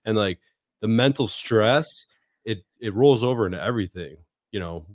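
A man talking loudly in casual chat, sounding tired and a bit put-upon. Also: lowish voice, lively intonation, moderate pace, no echo, clean studio sound. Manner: loud-talking, tired, complaining.

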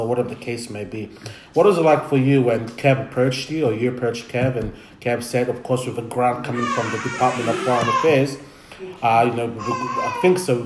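An easygoing man hosts a relaxed podcast conversation, chatting loosely and tossing out shout-outs. His voice sits at an ordinary pitch and carries a noticeable room echo. Faint noise hums underneath. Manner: laid-back, chatty, gives shout-outs. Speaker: podcast host. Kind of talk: casual podcast chat.

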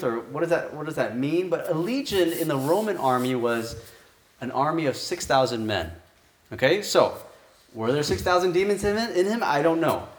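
Pastor thinking aloud in an echoey room. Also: male voice, a little high. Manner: thinks aloud, asking rhetorical questions and checking in with "okay?". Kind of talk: conversational expository sermon.

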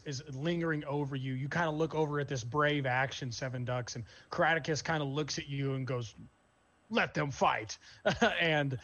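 A man's voice: on the high side, bright, forceful tone. A man narrating as game master, describing the scene casually with many fillers.

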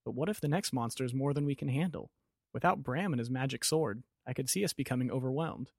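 A man's voice: mid-range voice, quick pace, vocal fry, darkish tone, dry recording, studio quality. A man voicing a blunt, brave young woman archer who talks in a direct, questioning way. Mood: anxious.

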